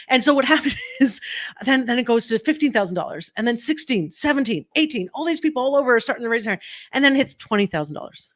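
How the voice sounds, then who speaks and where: A middle-aged woman coach telling a story to her online group, chatty and animated, acting out the voices in it with many fillers. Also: fairly high pitch, quick pace. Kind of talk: live-streamed storytelling to a group.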